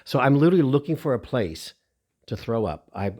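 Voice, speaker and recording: A middle-aged man telling a personal story in a lively, heartfelt way. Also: medium pitch, fairly quick. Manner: animated, emotional, lively retelling.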